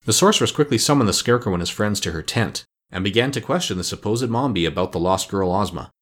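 Man, audiobook narrator, fairly low voice, measured storybook reading. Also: animated. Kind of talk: scripted narration.

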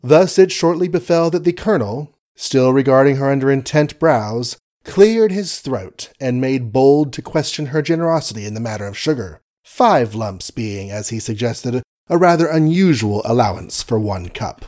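A man reading a classic novel aloud as an audiobook narrator, in measured, wry storytelling. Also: mid-range voice, lively intonation, a little mellow. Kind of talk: scripted narration.

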